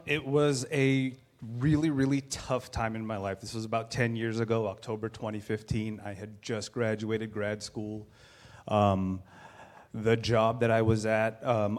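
Animated man in his thirties, low-pitched. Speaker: guest sharing a personal story. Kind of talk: candid personal storytelling.

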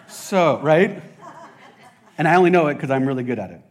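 A man preaching a casual sermon as a pastor, excitable and rambling, often laughing at himself. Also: mid-range voice, a little fast. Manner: excitable, rambling, self-deprecating.

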